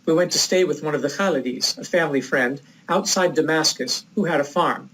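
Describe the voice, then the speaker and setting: A man from the United States giving a recorded lecture, telling a personal story in a reflective, measured way. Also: on the high side, fairly bright tone, rough recording.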